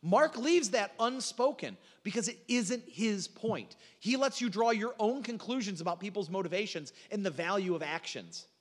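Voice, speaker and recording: A man's voice: sits high, lively intonation, normal speed, few pauses, in a large hall. A man preaching a sermon, earnest and searching, stumbling over restarts and lifting his voice when he quotes scripture. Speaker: pastor.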